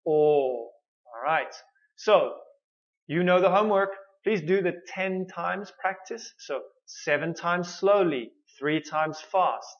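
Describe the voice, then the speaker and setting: A man teaching English pronunciation, modelling words slowly and repeating each one with exaggerated mouth shapes. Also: on the high side, animated, muffled recording. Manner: slow, drawn-out modelling of words with many repeats. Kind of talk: pronunciation lesson.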